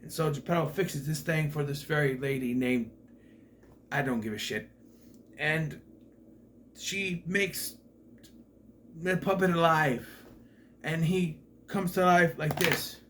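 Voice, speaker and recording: A man's voice: on the high side, steady tone, slow pace, pauses often, fairly bright tone, a little hiss or hum. A man giving a casual movie review in a sarcastic, profane, exasperated way.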